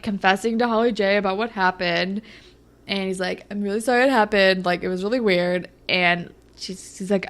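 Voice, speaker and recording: A woman's voice: medium pitch, pushed and bright. A young woman co-hosting a podcast, recapping episodes in casual chat and acting out the characters' lines in exaggerated voices. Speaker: podcast co-host.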